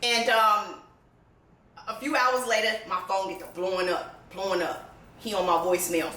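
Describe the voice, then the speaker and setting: A woman's voice: medium pitch, fairly even intonation, normal speed, pushed and bright. A woman vlogger sharing her own story in a blunt, profane way, laughing often and sounding emotional, close to tears. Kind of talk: candid personal storytelling. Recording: roomy echo, distant mic, faint background noise.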